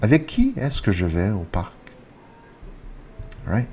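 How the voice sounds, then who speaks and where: A man teaching grammar in a video lesson, repeating example sentences and lifting his pitch on the question words. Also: wildly swooping pitch, measured pace, darkish tone, a little hiss or hum. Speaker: French teacher.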